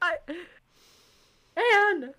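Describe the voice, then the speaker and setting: A woman's voice: extremely high pitch, lively intonation, extremely slow, bright, forceful tone. A young woman co-hosting a casual book podcast, reading passages aloud and reacting with exasperated sighs. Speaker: podcast co-host. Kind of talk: casual book club chat.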